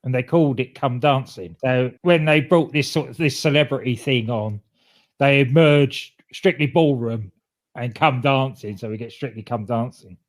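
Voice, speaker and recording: A man's voice: mid-range voice, normal speed. A man with a British accent co-hosting a podcast, chatting easily and explaining things while laughing along. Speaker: podcast co-host. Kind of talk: casual wrestling commentary chat.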